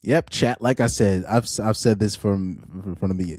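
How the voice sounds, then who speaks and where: A man's voice: lowish voice, moderate pace, darkish tone, no echo, studio quality. A young man on a live stream reacting to articles, laughing often, repeating himself and restarting his sentences in casual chat.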